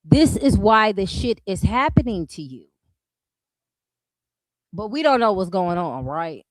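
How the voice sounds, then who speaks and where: A woman's voice: mid-range voice, very animated, measured pace, no room sound. A woman streamer giving blunt, mocking drama commentary, full of rhetorical questions.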